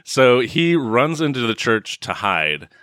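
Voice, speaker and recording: A man recapping a horror movie in casual chat, animated and laughing often, swearing now and then. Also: mid-range voice, takes it slowly, no room sound, studio quality. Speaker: podcast co-host.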